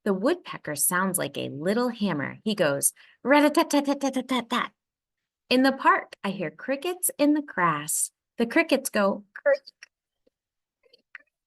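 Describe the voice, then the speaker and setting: A woman reading a children's picture book aloud, expressive and playful with the sound words. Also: medium pitch, normal speed, vocal fry, few pauses. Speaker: read-aloud storyteller.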